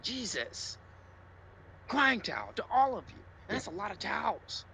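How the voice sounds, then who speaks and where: A man co-hosting a casual sports podcast, ranting loudly, sarcastic and profane. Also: high-pitched, sing-song, normal speed, creaky, slight background noise. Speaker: podcast co-host.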